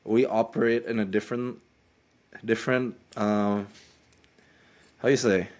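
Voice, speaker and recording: A man from Indonesia co-hosting a podcast, chatting casually, sympathetic, sometimes pausing to search for the right word. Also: on the low side, fairly even intonation, darkish tone. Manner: sympathetic, brief backchannels, searches for words. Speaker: podcast co-host. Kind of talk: casual chat.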